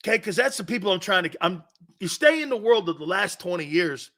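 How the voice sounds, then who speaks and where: Brash, gravelly-voiced male sports talk host. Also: high-pitched, fairly quick. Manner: brash, profane, laughing, animated ranting. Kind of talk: casual sports radio talk.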